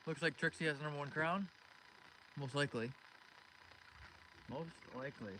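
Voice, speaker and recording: A man's voice: on the high side, a little fast, pushed and bright, rough recording. Chatty man fishing outdoors. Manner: chatty, greets viewers by name. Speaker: fishing livestream host. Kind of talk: casual live-stream chat. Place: outdoors on a boat in the wind. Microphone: phone streaming live. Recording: wind and outdoor noise.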